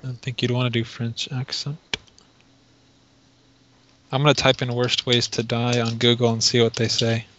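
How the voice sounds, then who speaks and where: A man co-hosting a casual podcast talk, his voice level and flat in pitch. He stops and restarts as he reads things aloud. The sound is dull and lo-fi. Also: background noise. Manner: reads search results aloud, halting. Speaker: podcast co-host. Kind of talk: casual chat.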